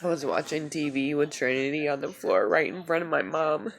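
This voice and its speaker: A woman tearfully talking in a personal video journal, halting and soft-spoken. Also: low-pitched, fairly even intonation, vocal fry, crowd noise. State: crying. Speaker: vlogger.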